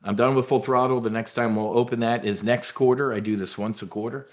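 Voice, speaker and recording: A man's voice: mid-range voice, steady tone, fairly quick. A middle-aged man hosting a live trading webinar, brash and blunt, swearing now and then and using military slang.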